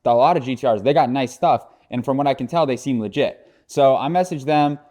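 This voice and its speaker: A man's voice: mid-range voice, a little fast, warm tone. Rambling, swearing man vlogging. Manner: joking, profane, rambling. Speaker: car vlogger. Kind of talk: casual vlog talk.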